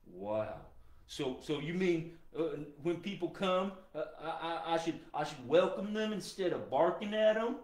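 A man voicing an excitable, bossy male hound dog puppet who thinks he is a guard dog, a little gruff and stammering. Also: a little high, a little slow. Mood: unsure. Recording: roomy echo.

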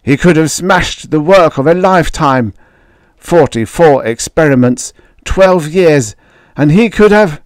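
A man voicing a stern, gruff father, speaking gravely and firmly in a vintage science fiction reading. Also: low voice, a little slow, no room sound, clean studio sound, voice pushed down. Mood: agitated. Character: stern brilliant father, big middle-aged man, gruff.

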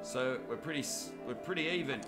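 A man's voice: medium pitch, a little fast, loud music behind the voice. An Australian man giving cheeky live commentary on a video game while joking with viewers by name. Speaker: gaming commentator.

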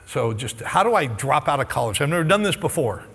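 Man, middle-aged pastor, impassioned sermon, husky tone, long hall reverb. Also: a little high, big pitch swings, brisk, fairly bright tone. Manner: earnest, impassioned storytelling, pleading directly with the congregation. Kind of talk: sermon with personal story.

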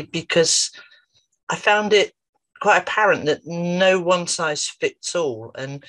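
A woman therapist telling a story in a lively, animated way, her voice jumping up when she retells a scene. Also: low-pitched. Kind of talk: storytelling talk to camera.

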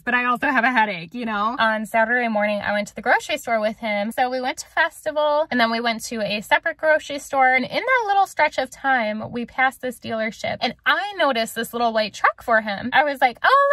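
A young woman chatting excitedly to a phone camera for her vlog, sitting in her car, gushing and emotional. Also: fairly high pitch, no room sound. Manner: gushing, excitable, talks to herself. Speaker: vlogger. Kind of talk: casual vlog talk to camera.

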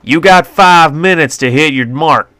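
A man voicing a hard, commanding frontier sheriff who barks orders loudly. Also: fairly high pitch, a little slow, dry recording, pitched above the performer's own voice. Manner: barking orders, loud.

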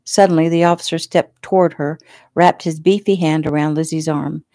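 A woman's voice: deep voice, steady tone, normal speed, mellow, dry recording. A woman author reading her own novel aloud in a casual, plain storytelling way.

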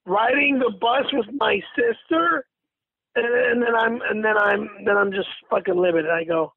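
A man's voice: extremely high pitch, moderate pace, vocal fry, dry recording. A man in his fifties ranting indignantly, rambling and repeating himself with stumbling restarts, over tinny phone-line audio. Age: 50s. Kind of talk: aggrieved rambling rant.

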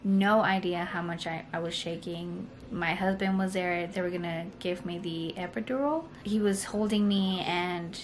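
A woman's voice: lowish voice, steady tone, normal speed, few pauses, a little hiss or hum. A young woman telling a personal story to camera in a casual vlog, rambling and full of "like" and "you know". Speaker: vlogger.

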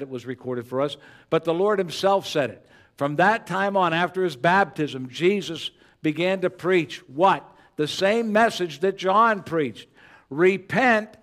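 An older pastor in his sixties delivering a sermon in church, earnest and conversational, dropping soft and low then rising loud for emphasis. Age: 60s. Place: church sanctuary.

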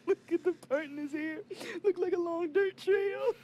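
A woman's voice: very high voice, normal speed, hardly any pauses, dark tone. A woman in a comedy clip making mocking remarks and giggling between them, in a noisy phone-video recording.

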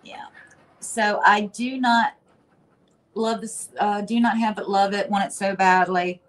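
A woman's voice: mid-range voice, steady tone, measured pace. A middle-aged woman hosting a furniture painting livestream, reading viewer comments out in a chatty, friendly way.

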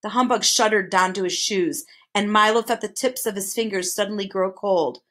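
A woman reading a chapter book aloud with expressive, even narration. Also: medium pitch, normal speed. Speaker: reader. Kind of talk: storybook read-aloud.

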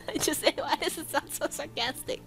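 A woman chatting casually and teasing her husband while he plays, laughing often. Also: sits high. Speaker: gamer's wife watching along. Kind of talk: casual chat over gameplay. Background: game music and sounds.

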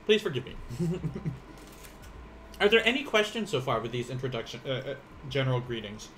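A man's voice: mid-range voice, big pitch swings, moderate pace, a bit bright, slight background noise. A man in his thirties giving a casual live Japanese lesson, rambling and laughing often while he eats. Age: 30s. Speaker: Japanese teacher.

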